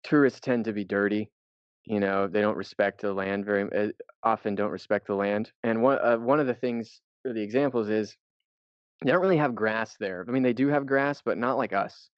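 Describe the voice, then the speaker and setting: A man's voice: on the low side, brisk, clear, resonant tone, no room sound. A man co-hosting a podcast. He tells a travel story in a loose, rambling way and swears casually. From United States. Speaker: podcast co-host. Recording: dull, dry lo-fi podcast audio.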